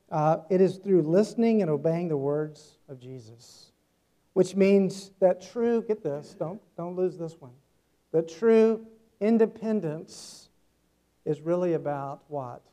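A middle-aged male pastor preaching a sermon, earnest, moving between emphatic points and hushed asides. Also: high voice.

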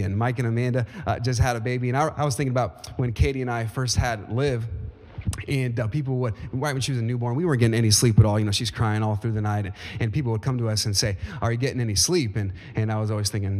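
A man's voice: medium pitch, a little mellow. A man in his thirties preaching a sermon as pastor, with emphatic rises and folksy asides to the congregation. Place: church sanctuary. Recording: long hall reverb.

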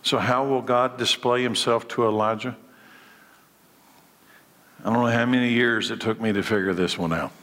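A man's voice: medium pitch, steady tone, normal speed, pauses often, a bit bright. Man preaching in a reverberant hall. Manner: preaching with rhetorical questions and acted-out dialogue. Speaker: pastor. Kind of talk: sermon.

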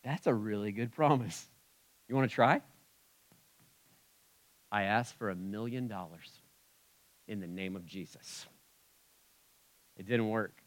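A man preaching a sermon in a conversational way, swinging between loud emphatic bursts and quiet asides. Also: lowish voice, slow, long pauses. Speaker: pastor.

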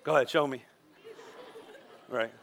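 A male pastor preaching a sermon, telling stories in an animated way with frequent restarts. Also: medium pitch, a little slow, gravelly, some chatter behind.

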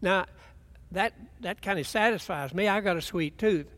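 A man's voice: high-pitched, normal speed, a bit bright. An older man preaching a folksy, rambling sermon, often restarting his sentences.

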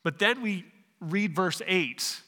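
Bright high-voiced man preaching. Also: expressive, takes it slowly, in a large hall. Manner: restarts phrases, asks the congregation questions. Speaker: pastor. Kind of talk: sermon.

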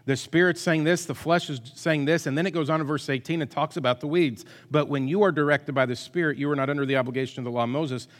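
Male preacher, mid-range voice, emphatic then hushed, self-mocking; church hall reverb. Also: mid-range voice. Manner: swings between loud emphatic bursts and quiet asides; self-deprecating, jokey. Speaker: pastor. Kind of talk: sermon.

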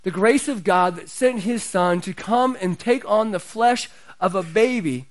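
High-voiced middle-aged preacher, conversational. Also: male voice, measured pace. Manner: conversational preaching, builds in pitch and loudness. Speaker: pastor. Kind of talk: sermon.

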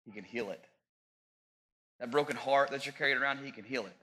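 Bright-voiced man preaching a sermon. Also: medium pitch, fairly quick. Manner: preaching with sudden loud peaks, joking asides. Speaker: pastor.

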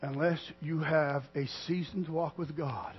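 A man preaching a sermon to a congregation, swinging from loud declarations to quiet asides. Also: fairly high pitch, steady tone, a little slow, soft background music, poor audio. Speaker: pastor.

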